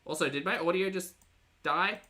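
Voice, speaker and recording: A woman's voice: fairly low pitch, moderate pace, bright, forceful tone. A woman hosting a livestream reaction show, chatty and sarcastic as she reads out chat messages. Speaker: reaction channel host.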